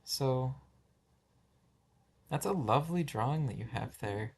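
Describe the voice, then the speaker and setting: A man playing a slow, stammering schoolteacher. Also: medium pitch, expressive, gravelly, a little mellow, a little hiss or hum. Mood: patient. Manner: stammering, apologetic, restarts his sentences. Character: flustered, apologetic male first-grade teacher. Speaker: schoolteacher taking roll call. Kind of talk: amateur animation voice acting.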